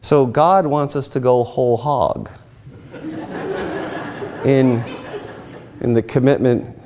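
A man preaching a sermon, telling stories and rising into emphatic, animated lines. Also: mid-range voice, slow pace, crowd noise. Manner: animated storytelling with emphatic rises. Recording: long hall reverb.

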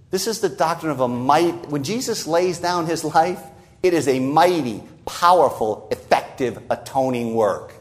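A man preaching an expository sermon, stressing key phrases and quoting scripture slowly for emphasis. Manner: emphatic, rising on key phrases and dropping low at the ends of lines; repeats words for stress and quotes scripture in a slowed voice.

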